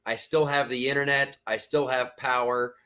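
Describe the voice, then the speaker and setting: A man's voice: mid-range voice, level tone, moderate pace, bright, forceful tone. A middle-aged man, a comedian, chatting easily as a guest on a video call. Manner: easygoing, chatty. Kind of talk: casual interview chat.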